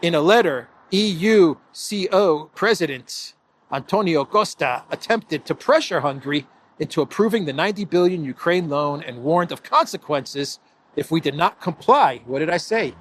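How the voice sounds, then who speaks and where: Male commentator, sarcastic and chuckling, fairly high voice, repeats himself. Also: expressive, normal speed, a little hiss or hum. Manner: sarcastic, laughs often, repeats phrases. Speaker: political commentator. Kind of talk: casual solo commentary.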